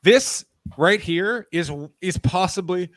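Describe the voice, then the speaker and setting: A man chatting on a live stream, his voice sitting a little high for a man and sounding close and dry. He teases his co-host and rants in quick bursts while sounding tired. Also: fairly bright tone, no room sound. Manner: ranting, teasing, quick jokes. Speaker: podcast co-host. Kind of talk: casual stream chat.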